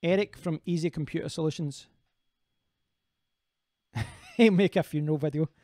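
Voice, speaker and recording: Chatty man with a higher voice. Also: moderate pace, dark tone, no echo, clean studio sound. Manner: rambling, answers viewer comments, frequent restarts. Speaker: live stream host. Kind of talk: casual live stream chat.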